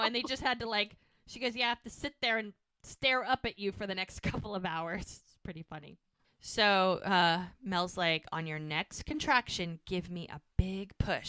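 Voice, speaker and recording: A woman's voice: medium pitch, sharp tone, clear, resonant tone, no room sound. A woman co-hosting a rewatch podcast, eagerly retelling scenes and acting out the characters' lines in casual chat. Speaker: podcast co-host recapping a show.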